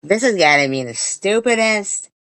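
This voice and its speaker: A woman's voice: mid-range voice, animated, normal speed, a bit bright, no echo. A woman giving a profane, blunt, scornful commentary rant on a livestream. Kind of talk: ranting commentary.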